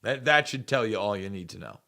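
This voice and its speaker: Male commentary host, bright forceful tone, rambling and sarcastic. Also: fairly low pitch, lively intonation, brisk, creaky. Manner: rambling, repeats words, sarcastic asides. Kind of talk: casual political commentary show.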